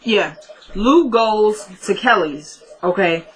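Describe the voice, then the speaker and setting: A young woman casually recapping a TV episode, retelling the scenes in quick quoted dialogue. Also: mid-range voice, lively intonation, slight background noise, low-quality recording.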